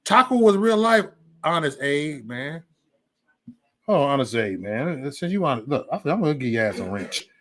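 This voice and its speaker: A man hosting a casual livestream chat, loud and profane, swinging between shouting and mumbling. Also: on the high side, sing-song, normal speed. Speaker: livestream host.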